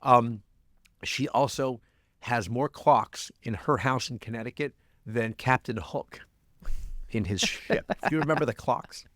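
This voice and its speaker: A man's voice: medium pitch, measured pace, a bit bright, no room sound. Man, podcast co-host, playful casual chat, dry close sound. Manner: playful, reads with a mock folksy lilt. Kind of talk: casual chat, reading a listener email aloud.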